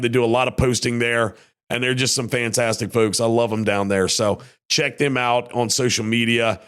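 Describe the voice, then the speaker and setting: A man's voice: mid-range voice, fairly bright tone, smooth. A man hosting a casual local podcast. He talks in an easygoing, rambling, folksy way, and his voice sounds worn and strained. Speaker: podcast host.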